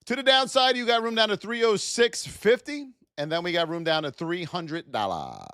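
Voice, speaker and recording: A man's voice: sits high, sing-song, normal speed, few pauses, sharp tone, no echo, studio quality. A man hosting a live trading stream in a blunt, chatty way, telling stories, reading out price levels and calling out to viewers by name.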